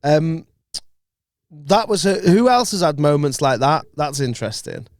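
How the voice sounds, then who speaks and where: A man's voice: a little high, expressive, measured pace, dry recording. A man appearing as a guest on a podcast in a studio, chatting casually in a wry, lightly sweary manner. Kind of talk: casual chat.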